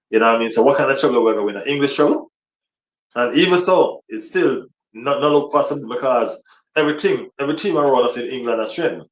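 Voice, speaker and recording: A man chatting casually on a football livestream, rambling and repeating himself. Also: mid-range voice. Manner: rambling, repeats himself, frequent "you know what I mean". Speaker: football vlogger. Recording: roomy, slightly distant mic.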